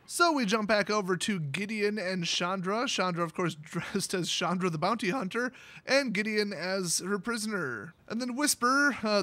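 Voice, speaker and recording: A man with a high, bright, sharp voice casually recaps a fantasy story for his channel. He rambles with plenty of fillers and throws in sarcastic, irreverent jokes as he goes. The sound is close and dry. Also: dry recording. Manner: loose, rambling delivery with many fillers. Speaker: YouTube host recapping a story.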